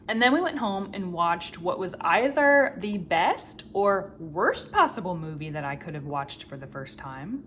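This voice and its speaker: In a confessional vlog, a woman in her thirties speaks to the camera at a medium pitch, sharing a personal story candidly and emotionally with a wry sense of humor. There's slight noise in the background.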